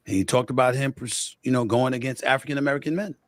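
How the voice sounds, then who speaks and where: A man gives deliberate commentary and carefully weighs each side. The sound is dry and close, and his voice sits at an ordinary middle pitch. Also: dry recording. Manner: deliberate, weighs both sides. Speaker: sports show producer. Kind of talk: measured spoken commentary.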